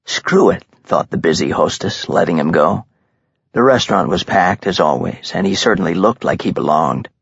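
Male audiobook narrator, husky and gravelly, measured thriller read, dull lo-fi recording. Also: sits low, lively intonation, no room sound. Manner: measured, tense storytelling. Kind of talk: scripted dramatic narration.

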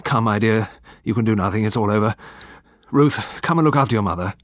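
A man voicing an elderly soldierly gentleman. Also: on the low side, a little fast, no echo, studio quality, lightly acted. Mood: soothing.

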